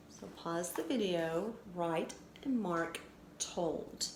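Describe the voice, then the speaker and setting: Slow, careful woman teaching phonics. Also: fairly low pitch, darkish tone. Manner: slow, clear, sounding out letters. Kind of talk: recorded phonics lesson for children. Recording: echoey room with faint noise.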